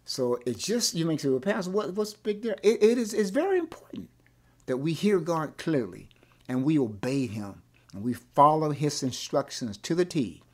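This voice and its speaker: A male pastor with a voice on the high side teaches a Bible class at a normal speed. He is animated, often repeating words and posing rhetorical questions.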